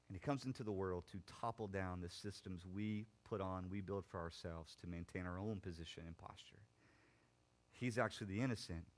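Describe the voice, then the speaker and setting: Young man, pastor giving a sermon; animated preaching that swings from loud emphasis to soft reflection. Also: sits low. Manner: animated preaching, rising loud then dropping quiet.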